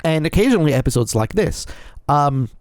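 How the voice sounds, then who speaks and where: A man's voice: on the high side, sing-song, a little fast, darkish tone, no room sound, clean studio sound. Earnest, rambling male podcast host. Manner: rambling, repeats himself, keeps checking in with "okay?"; frank and earnest. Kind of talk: solo confessional podcast monologue.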